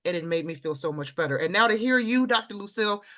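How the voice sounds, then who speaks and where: A woman's voice: mid-range voice, lively intonation, fast, fairly bright tone. Woman host, personal and affirming. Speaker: interview host. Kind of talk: conversational interview.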